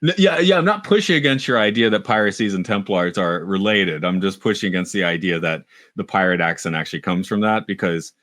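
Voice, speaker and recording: Brief: middle-aged male podcast co-host, low voice, dry close sound, rambling and self-mocking. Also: a little fast, few pauses, a bit bright, dry recording. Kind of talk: casual chat.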